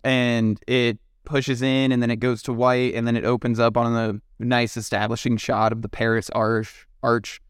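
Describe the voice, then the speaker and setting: A man's voice: mid-range voice, little pitch movement, moderate pace, few pauses, clean tone, dry recording, clean studio sound. A man co-hosting a podcast, talking about a film in a laid-back, chummy way. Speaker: podcast co-host. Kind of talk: casual film discussion.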